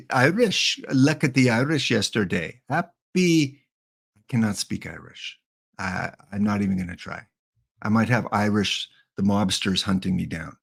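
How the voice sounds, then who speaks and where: A man's voice: medium pitch, gravelly, fairly bright tone. Rambling jokey Canadian man streaming. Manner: rambling, jokey, talks to chat. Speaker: game streamer. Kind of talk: casual live-stream chat.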